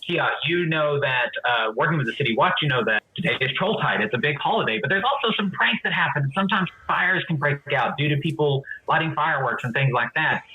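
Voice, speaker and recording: A man narrating as game master of a tabletop game, relaxed and full of fillers. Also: on the high side, brisk, hardly any pauses, slightly rough. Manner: relaxed, with many fillers and hedges. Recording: dull lo-fi audio.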